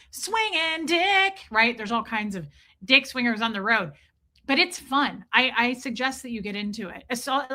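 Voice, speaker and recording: A woman hosting a casual livestream, telling a story in an animated, profane ranting way and answering chat comments. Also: fairly high pitch. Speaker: livestream host.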